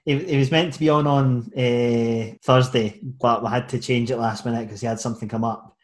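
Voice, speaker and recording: A Scottish man hosting a casual podcast, asking questions and sharing memories in a relaxed, chatty way. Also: mid-range voice, normal speed. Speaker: podcast host.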